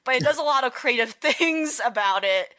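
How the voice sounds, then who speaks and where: A woman talks through her thoughts on a casual gaming podcast. She rambles and restarts, leaning on fillers and quick laughs, and her voice sounds bright. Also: high-pitched, lively intonation. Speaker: podcast co-host. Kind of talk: casual chat.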